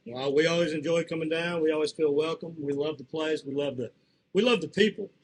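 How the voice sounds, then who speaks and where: A man's voice: fairly high pitch, brisk, slight background noise, poor audio. A man hosting a local sports talk show in a casual, chatty way, laughing often. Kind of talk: casual chat.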